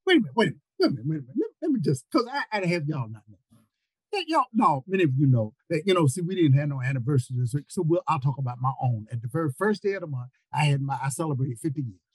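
An older man preaching a sermon over a video call, repeating words and rising into near-shouts. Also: fairly high pitch, sing-song, fast, slightly rough, no echo, rough recording.

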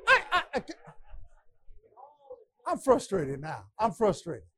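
A man teaching a Bible class, preaching with passion, stammering repetitions and bursts of shouting. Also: high-pitched, huge pitch swings, slow pace.

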